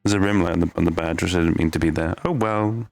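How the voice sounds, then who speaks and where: A man's voice: low voice, fast talker, creaky, faint music behind. A young man chatting in character during a roleplay session, easygoing and rambling, restarting his sentences. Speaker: roleplay streamer.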